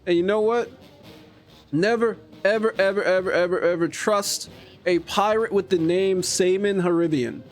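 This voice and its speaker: An excitable man gives casual commentary while he plays a game. His talk swings from quiet muttering to bursts of glee, his voice sits slightly high, and faint game music plays behind him. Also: moderate pace. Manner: chatty and excitable, jumping between mutters and gleeful outbursts. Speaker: streamer.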